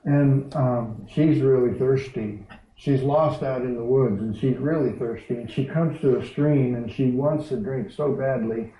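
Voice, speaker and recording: A man preaching a sermon in a church, talking in an unhurried, conversational way and reading a story aloud. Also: medium pitch. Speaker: pastor. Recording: echoey hall, distant dull mic.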